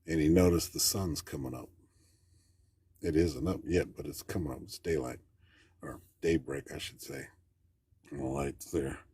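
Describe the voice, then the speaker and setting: Very deep, husky-voiced man telling a story. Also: moderate pace, pauses often, warm tone, no room sound. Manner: plainspoken, rambling, folksy grammar. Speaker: caller. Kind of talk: casual storytelling.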